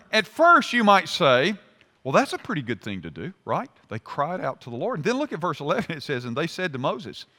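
A man's voice: high-pitched, pushed and bright. A male pastor preaching a sermon in a church, acting out the voices of complaining people. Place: church sanctuary. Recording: hall reverb.

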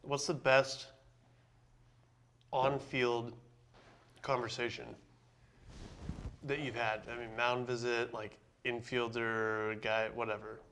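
Slow, low-key male interviewer. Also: level tone, fairly bright tone, a little hiss or hum. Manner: low-key, with short affirmations. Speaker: host. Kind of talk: casual interview.

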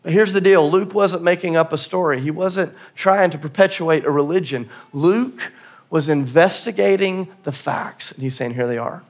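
Man, pastor, church sermon, high voice, conversational, earnest. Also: moderate pace. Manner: conversational, earnest, laughs at himself. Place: church auditorium.

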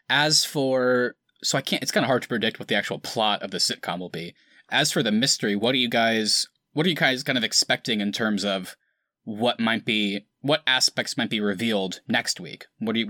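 A man's voice: on the low side, pushed and bright, no echo, studio quality. A man hosting a casual podcast chat, talking loosely with many "kind of" fillers. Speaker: podcast host.

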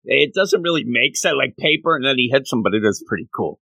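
A man's voice: mid-range voice, animated, a little fast, gravelly, sharp tone, no room sound. A man co-hosting a podcast, chatting casually and rambling through a comic chapter recap, laughing often.

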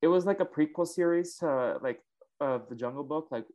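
A co-host talks in a relaxed podcast chat, tossing in quips and getting excited about old shows. The voice sits at a middle pitch and sounds plain and everyday. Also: normal speed, highs cut off. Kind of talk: casual chat.

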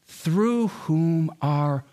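Slow, emphatic male preacher. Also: animated, dark tone. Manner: slow emphatic preaching with wide swings in pitch. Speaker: pastor. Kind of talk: sermon.

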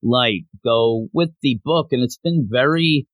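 A young man co-hosting a casual podcast, rambling and animated as he jumps between tangents. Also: mid-range voice, measured pace, no room sound. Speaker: podcast co-host. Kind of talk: casual chat.

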